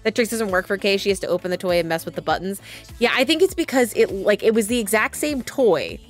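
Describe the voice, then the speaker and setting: A woman's voice: mid-range voice, expressive, fast, faint music behind. A woman in her thirties, a streamer chatting casually and rambling through stories with frequent restarts. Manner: rambling, chatty, self-interrupting. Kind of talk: casual chat.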